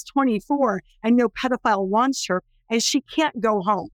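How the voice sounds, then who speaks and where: A woman's voice: on the high side, moderate pace, no echo. A middle-aged woman from California, a guest in an interview, telling a personal story in an emphatic, intense way. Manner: emphatic, intense, building to impassioned pleas. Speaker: interview guest, anti-trafficking worker.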